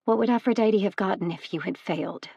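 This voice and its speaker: Woman doing an angry young goddess, proud, gravelly edge, spits out accusations. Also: medium pitch, fast talker, dry recording, highs cut off. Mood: cold. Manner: forceful and accusing.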